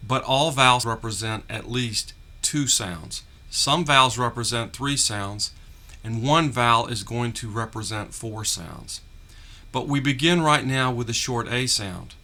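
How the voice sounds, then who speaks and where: A man teaching a phonics lesson, carefully articulating drawn-out vowel and consonant sounds. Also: medium pitch, bright, forceful tone. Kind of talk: slow, deliberate phonics lesson.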